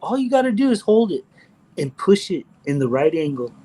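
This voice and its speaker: A middle-aged man from Texas talks in a blunt, rambling, profane way. His voice sits a little high for a man. He chats casually as the host of a livestream. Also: sing-song, a little fast, warm tone, rough recording. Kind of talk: casual chat.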